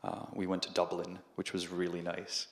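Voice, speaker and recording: A man's voice: sits low, normal speed. A young man from the Czech Republic with a Czech accent, a guest in a casual interview who tells stories with lots of laughter and acts out the people he quotes. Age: young adult. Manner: animated, laughs often, acts out quoted voices. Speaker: guest, video creator. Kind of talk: casual storytelling conversation.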